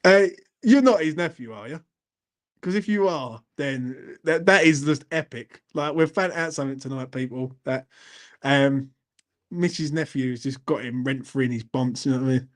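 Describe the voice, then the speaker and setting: With a medium-pitched voice at a moderate pace, a young man runs a laid-back live stream and reads out the comments. He's chatty and laddish, with "do you know what I mean" coming up again and again.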